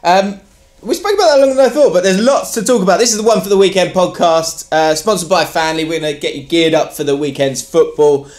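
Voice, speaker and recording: A man hosting a casual football podcast, chatty and quick to laugh. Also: high-pitched, darkish tone. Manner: laughs often, loose and chatty. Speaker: podcast host.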